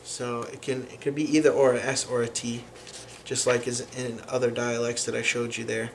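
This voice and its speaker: A man teaching a lesson on pronunciation, explaining patiently with frequent pauses and fillers. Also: mid-range voice, little pitch movement, gravelly, slight background noise. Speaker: language teacher.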